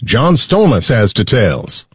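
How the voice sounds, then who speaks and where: A man's voice: mid-range voice, sing-song, slow pace, fairly bright tone, slightly rough, no echo, clean studio sound. A man anchoring a morning radio newscast in a polished announcer delivery. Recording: broadcast with music bed. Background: music bed.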